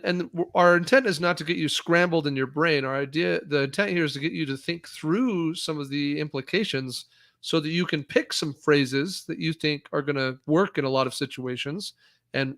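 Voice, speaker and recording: Brief: male podcast host, slightly high voice, dry close mic, measured and steering the discussion. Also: fairly bright tone, no room sound. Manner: measured, guides the talk, addresses listeners. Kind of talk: casual conversational discussion.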